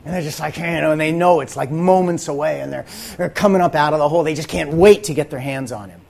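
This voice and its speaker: A man, an actor, telling a dramatic faith testimony about a film role, often dropping into hushed whispers. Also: on the high side, fast, creaky. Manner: intense, drops to hushed whispers at moments. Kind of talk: dramatic personal storytelling.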